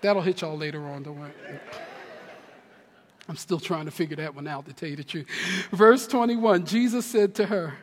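A man from New Jersey preaching a sermon as pastor, animated and swinging between loud and hushed, with humorous asides. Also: a little high, normal speed, pauses often. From New Jersey, USA. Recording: long reverb of a large hall.

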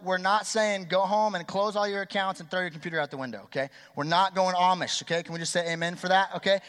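A young man in his twenties with a high voice gives a lively sermon to teenagers. He talks fast and loose and keeps asking the crowd to answer back. The sound rings on in a large church hall. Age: 20s. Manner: energetic, chatty, quizzes and polls the crowd. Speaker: youth pastor. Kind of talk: youth sermon. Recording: long hall reverb.

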